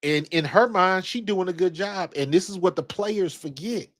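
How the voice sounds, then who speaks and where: A man's voice: high-pitched, moderate pace. Fifties guy ranting about basketball, slangy and cussing, rambles a lot, ohio raised. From Ohio, USA. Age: 50s. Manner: blunt, profane, slangy and rambling. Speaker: basketball commentator. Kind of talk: casual commentary with personal storytelling.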